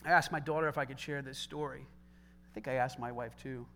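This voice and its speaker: A middle-aged male pastor preaching a sermon, animated, moving between loud exhortation and soft, conversational storytelling with joking asides. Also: medium pitch, fairly quick, a little hiss or hum.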